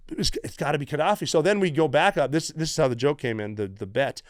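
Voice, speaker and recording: A middle-aged man from the United States, a former Navy SEAL guest telling stories in a casual, profane, animated way. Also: on the high side, fast, no echo, studio quality. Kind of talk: casual storytelling.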